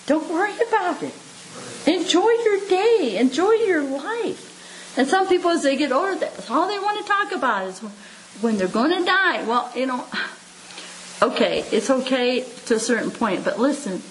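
A woman's voice: high voice, slight background noise, rough recording. A woman in her seventies giving a homespun devotional sermon, chuckling often, repeating her points and speaking to listeners like family. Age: 70s. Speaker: preacher.

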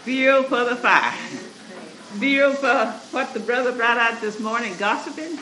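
A man's voice: very high voice, a little slow, sharp tone. A man preaching a sermon, reading scripture and calling out to the congregation, laughing as he goes. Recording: echoey church room recording with noise.

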